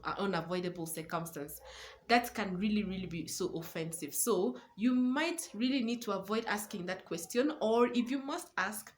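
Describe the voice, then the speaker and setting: A woman's voice: mid-range voice, a little hiss or hum. A young woman, a new mother and parenting coach, giving earnest advice to camera and repeating words for stress. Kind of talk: casual advice talk to camera.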